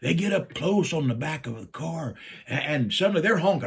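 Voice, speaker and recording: A middle-aged man from Virginia, telling a personal story and acting out his own lines with big jumps up in pitch. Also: fairly quick, gravelly, husky. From Virginia, USA. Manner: animated, jumps up in pitch when quoting himself.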